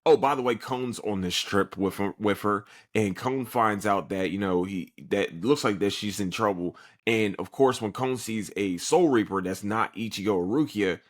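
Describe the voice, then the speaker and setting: A man recaps an anime episode in a loose, profane podcast chat. His voice sits fairly low, and he keeps slipping into quick, exaggerated character voices. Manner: animated storyteller who acts out characters in quick put-on voices; swears freely, loose and joking.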